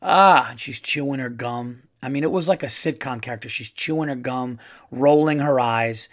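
A man's voice: medium pitch, steady tone, normal speed. Man, podcast host, comedian, casual storytelling, rambling, self-deprecating, stammering.

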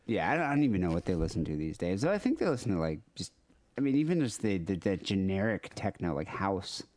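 Low-voiced dry male co-host. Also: sing-song, fast, a little mellow. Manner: dry, quizzical, corrects terms. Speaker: podcast co-host. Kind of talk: casual comedic chat.

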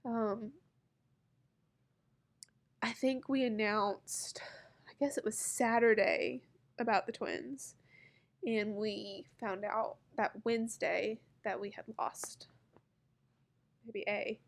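A woman in her thirties telling a personal story to camera, halting and heartfelt, close to tears. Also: medium pitch, fairly even intonation, vocal fry. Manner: halting, heartfelt, many pauses and fillers. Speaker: vlogger.

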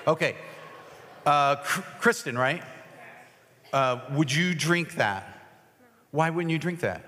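Casual pastor in a reverberant hall. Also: male voice, on the high side, lively intonation, slow pace, pushed and bright. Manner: casual, self-deprecating, joking with volunteers. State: voice cracking. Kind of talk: sermon with a live object lesson. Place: large hall with an audience.

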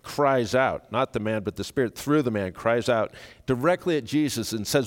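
A man preaching a sermon, speaking earnestly and rising to sudden loud emphasis when he quotes. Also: mid-range voice, normal speed. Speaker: pastor. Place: church sanctuary. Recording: reverberant church hall.

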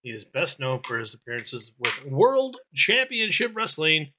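A man's voice: a little high, very animated, measured pace, bright, forceful tone. A man hosting a podcast, reading the intro and chatting in an upbeat way. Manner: upbeat, reads the show intro. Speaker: podcast host. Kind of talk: casual podcast chat.

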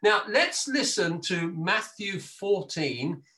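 A man pastor preaching a sermon over a video call, emphatic and slowing down on key phrases. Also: high voice, sing-song, bright, forceful tone, rough recording.

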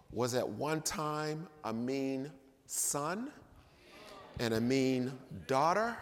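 Male preacher, slow emphatic sermon delivery with sudden loud peaks, recorded in a reverberant church. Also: on the high side. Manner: emphatic, swings between loud and quiet. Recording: long reverb of a church hall.

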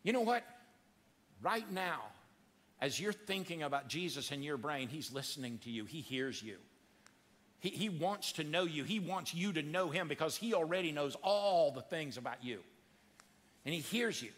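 A man preaching a sermon in a church, acting out the voices in his story with dramatic swings of pitch. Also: normal speed, in a large hall. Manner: animated, acts out quotes with big pitch swings. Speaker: pastor. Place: church sanctuary.

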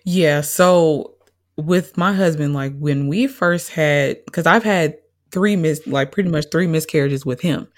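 A woman's voice: sits low, unhurried. A woman guest telling her personal story in an interview, candid and emotional.

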